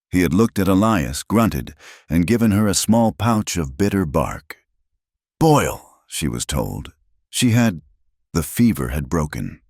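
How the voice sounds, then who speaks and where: A male storyteller reads a frontier tale in a dramatic, emphatic style. His voice is extremely deep, with pitch that rises and falls vividly, and the recording is close and dry. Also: darkish tone, no room sound. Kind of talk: scripted dramatic narration.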